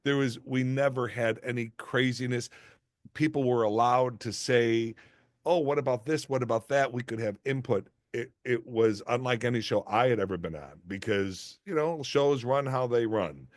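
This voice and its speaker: A middle-aged man tells show-business stories with animated delivery, leaping into other voices when he quotes people. His pitch sits in the middle, and the sound is dry and close. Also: moderate pace, no room sound. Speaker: actor and guest. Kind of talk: casual interview storytelling.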